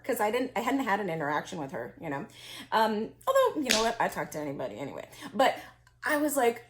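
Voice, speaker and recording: In a very animated, mid-range voice, a vintage reseller talks fast as she recounts a story in relaxed conversation. She's chatty, laughs frequently, and fills her speech with fillers and restarted sentences.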